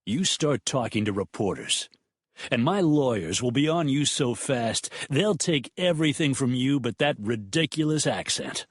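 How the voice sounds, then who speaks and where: A man voicing a furious, threatening groom who speaks tightly and low in an audiobook. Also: expressive, moderate pace, no room sound, studio quality, close to an everyday voice. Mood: angry. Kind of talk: audiobook character voice.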